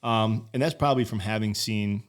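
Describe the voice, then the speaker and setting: A man's voice: on the low side, normal speed. A man in his forties talking casually as a podcast guest, rambling and swearing, with many restarts. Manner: rambling, profane, frequent restarts. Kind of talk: casual conversation.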